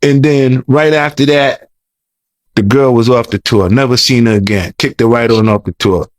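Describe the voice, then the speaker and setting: A man's voice: mid-range voice, fairly even intonation, moderate pace, no echo. A man telling a long story as an interview guest, rambling, repeating words, and talking in loose slang. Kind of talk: casual storytelling.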